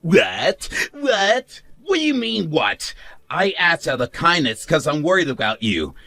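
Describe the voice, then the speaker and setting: Brief: male voice as a cruel sneering husband, shouty and taunting, lively bright delivery. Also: a little high, normal speed, dry recording, exaggerated voice. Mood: gloating. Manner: sneering, mocking laughs, shouts. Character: smug cruel young husband, mocking and bossy. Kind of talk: animated story narration.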